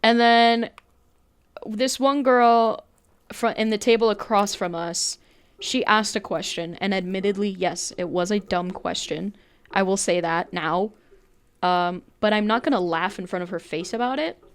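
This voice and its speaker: A woman's voice: mid-range voice, unhurried, clear, resonant tone. A young woman co-hosting a podcast, telling stories in casual chat, blunt and rambling and swearing freely. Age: young adult. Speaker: podcast co-host.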